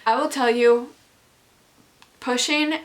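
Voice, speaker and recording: A woman's voice: a little high, fairly even intonation, slow. A young woman vlogger telling a personal story in a casual, candid way, with lots of likes and ums.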